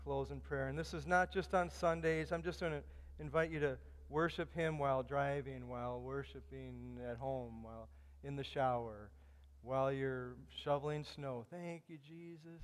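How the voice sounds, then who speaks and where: Midwestern pastor preaching in an echoing church. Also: male voice, medium pitch, moderate pace. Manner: preaching, rising loud on quoted scripture. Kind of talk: sermon. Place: church sanctuary. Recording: long church hall reverb.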